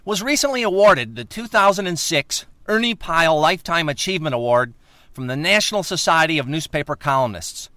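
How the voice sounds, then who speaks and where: A man delivering a mock news report as a correspondent, with a clipped, bright delivery. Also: on the high side, animated, fairly quick, dry recording.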